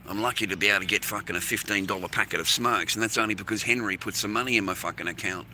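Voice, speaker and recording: A man with an Australian accent and a bright, forceful voice rambles aggrieved through a live stream, dropping curses every few words. He talks outdoors in an industrial area, with faint noise behind him. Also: fairly low pitch, racing. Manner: swears constantly, aggrieved and rambling. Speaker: livestreamer.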